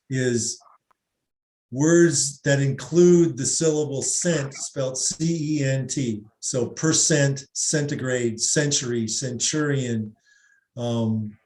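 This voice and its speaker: A middle-aged man, a psychologist, explaining reading and language in an animated way and sounding out examples. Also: mid-range voice. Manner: animated explainer, demonstrates pronunciations aloud. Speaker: psychologist guest. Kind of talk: explanatory discussion. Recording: roomy echo.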